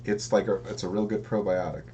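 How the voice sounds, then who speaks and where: A man's voice: fairly low pitch, level tone, fast, mellow, a little hiss or hum. A man chiming in with jokes and agreement in a casual podcast chat. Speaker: podcast co-host. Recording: dull lo-fi sound.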